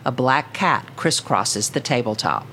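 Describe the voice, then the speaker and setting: A woman reporter narrating a scripted radio news story in a measured, even way. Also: very deep voice, slight background noise.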